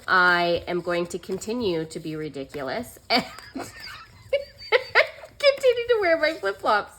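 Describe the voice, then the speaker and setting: A young woman chats through a story about her own mishaps while she works on her planner. Her voice is bright and forward. She mocks herself, laughs often and leans on "like" and "um", with a faint hiss of noise underneath. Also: on the low side, big pitch swings, measured pace, pauses often. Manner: chatty, self-mocking, laughs often, fillers like "like" and "um". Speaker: planner vlogger.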